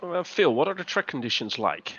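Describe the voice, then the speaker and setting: A man's voice: a little high, sing-song, fairly quick, sharp tone, slightly rough. A man co-commentating on an online race in an easygoing way, reading out chat messages. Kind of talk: casual sim racing commentary. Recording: dull lo-fi stream audio with faint noise.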